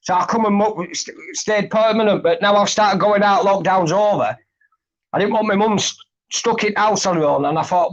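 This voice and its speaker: A man's voice: sits high, moderate pace. A man chatting on a live stream, blunt, sweary and grumbling. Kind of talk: casual live chat. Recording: dull lo-fi stream audio.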